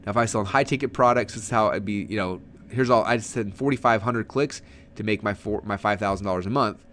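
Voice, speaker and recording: A man coaching on online sales in a webinar lesson, energetic and salesy, with frequent restarts. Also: medium pitch. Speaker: marketing coach. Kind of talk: webinar teaching.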